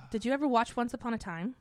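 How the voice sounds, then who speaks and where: Giggly, high-voiced woman chatting. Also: no room sound, clean studio sound. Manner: giggly and animated. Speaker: podcast guest. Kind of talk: casual podcast chat.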